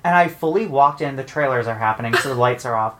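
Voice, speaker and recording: Deep-voiced woman co-host, dry and self-mocking, slight background hiss on the recording. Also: quick pace, a bit bright. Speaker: podcast co-host. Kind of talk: casual storytelling.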